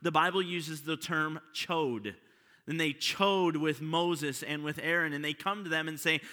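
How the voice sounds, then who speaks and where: A man's voice: on the high side, measured pace, bright, forceful tone. A pastor preaching a sermon to his congregation, often asking them rhetorical questions. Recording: long hall reverb.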